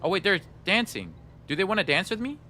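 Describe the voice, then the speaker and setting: A man's voice: sits high, sing-song, fairly quick, pushed and bright, a little hiss or hum. A man streaming a video game live, chatting playfully to his viewers and whining in mock sadness. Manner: playful, talks to chat, mock-sad whining. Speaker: gaming streamer. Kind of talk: live gameplay commentary.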